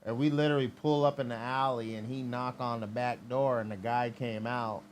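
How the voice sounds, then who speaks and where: A man's voice: medium pitch, fairly even intonation, normal speed, slight background noise. A man hosting a livestream, telling a rambling, heavily profane story in casual chat. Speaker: livestream host.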